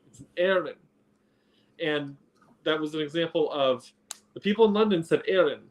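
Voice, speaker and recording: A man's voice: on the high side, a little fast. A man in a casual livestream chat, telling stories and history tidbits from memory. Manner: storytelling, fond of history tidbits.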